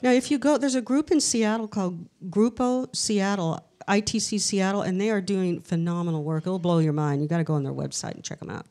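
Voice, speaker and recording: A woman guest on a live podcast, telling stories in a chatty, animated way and acting out the voices she quotes. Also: medium pitch, a little fast, few pauses. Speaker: interview guest, researcher. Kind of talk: casual storytelling interview. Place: live event in a castle venue.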